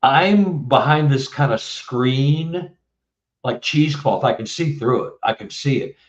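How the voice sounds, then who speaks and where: Being interviewed as a guest author, a man in his seventies from Texas tells a long story, wandering off and restarting often. He speaks in an animated, unhurried mid-range voice, recorded on a distant, muffled mic that sounds roomy.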